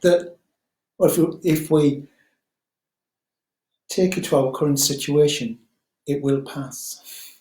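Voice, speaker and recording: A man who teaches mindfulness, leading a guided meditation talk slowly and gently, with frequent ums. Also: on the high side, reverberant, rough recording.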